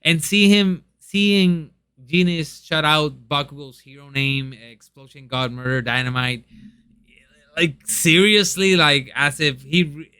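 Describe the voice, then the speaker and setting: A man's voice: on the high side, slow pace, bright, forceful tone, smooth, no room sound. A young man chatting casually and eagerly in a review, with lots of ums and restarts. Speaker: manga reviewer.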